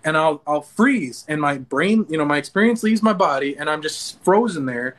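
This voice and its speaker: A man speaking as an interview guest in casual talk, earnest and animated, acting out his own inner dialogue with frequent restarts. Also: fairly high pitch, moderate pace.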